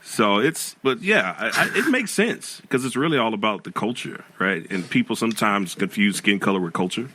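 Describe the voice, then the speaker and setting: Male podcast co-host, low-ish voice, relaxed chat. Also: normal speed, hardly any pauses, a little hiss or hum. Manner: laid-back, drops lots of you-knows. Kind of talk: casual chat.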